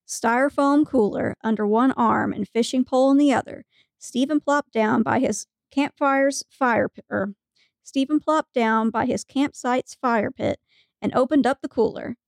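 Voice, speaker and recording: Woman, podcast co-host, story reading, giggly, gravelly, slightly high voice. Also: a little slow, no room sound, clean studio sound. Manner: giggly storytelling, breaking into laughter.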